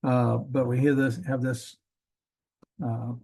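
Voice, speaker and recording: A man gives a classroom lecture in a dark, mellow voice. He talks in a loose, rambling way, stopping often to say um and correct himself. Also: mid-range voice, takes it slowly, creaky. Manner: relaxed, rambling, frequent ums and self-corrections. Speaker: Hebrew teacher.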